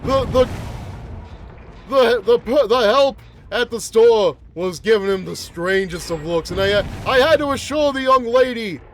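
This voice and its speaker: Man putting on a creaky-pitched, slow, grumbling old monster who rambles and complains about everything. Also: expressive, a little hiss or hum, full character voice. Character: cranky rambling old man, a mutated flower-headed monster. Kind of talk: gameplay roleplay commentary.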